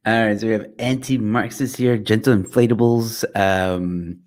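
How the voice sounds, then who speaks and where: Low-voiced man chatting. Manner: jokey, rambling, plugs his channel. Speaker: livestream host. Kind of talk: casual livestream chat. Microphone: good quality microphone.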